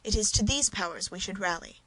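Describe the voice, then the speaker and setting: A woman's voice: medium pitch, animated, a little fast, bright, forceful tone, no room sound, low-quality recording. A woman reading the part of a passionate young woman of twenty-three in a storybook reading, speaking with indignant force.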